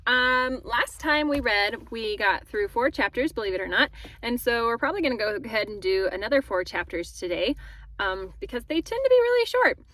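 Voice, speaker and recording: A woman teacher reading a children's chapter book aloud in a friendly, expressive way. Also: a little high, moderate pace.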